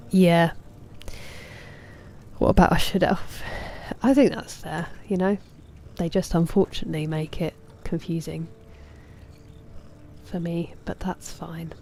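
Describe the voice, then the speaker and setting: A woman in her thirties, a game streamer, chatting casually while she plays, answering chat and muttering softly to herself. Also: lowish voice. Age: 30s.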